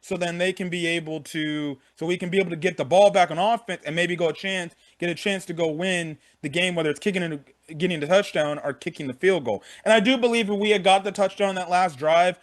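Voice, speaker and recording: A man's voice: high-pitched, steady tone, brisk, hardly any pauses. A young man giving a frank, profane game recap in casual talk, often repeating himself. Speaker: sports fan vlogger.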